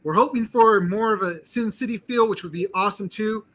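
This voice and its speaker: A man's voice: sits high, fairly quick, fairly bright tone, rough recording. A man hosting a casual pop-culture chat show, talking eagerly and rambling with lots of "like" fillers. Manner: eager, rambling, heavy use of "like". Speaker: podcast host.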